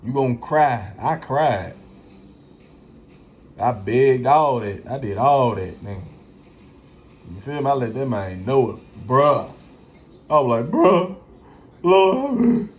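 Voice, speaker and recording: Man hosting a casual monologue, unhurried, slangy, emphatic, repeats himself, swears. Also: mid-range voice, soft background music. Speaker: vlogger.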